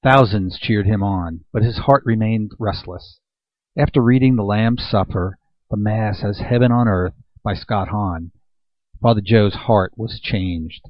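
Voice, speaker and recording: A man announcing a speaker, reading a scripted introduction in a measured, formal way. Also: lowish voice, no echo. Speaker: event announcer. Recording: dull, dry recording.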